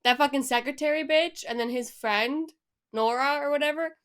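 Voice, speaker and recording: A woman co-hosting a podcast in casual chat, blunt and animated, swearing freely. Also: high voice, moderate pace. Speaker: podcast co-host.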